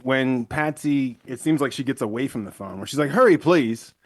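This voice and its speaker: A man's voice: medium pitch, brisk, no echo. A man co-hosting a true-crime podcast in casual chat, explaining details at length on a close mic. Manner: explains at length, acts out quotes. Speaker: podcast co-host.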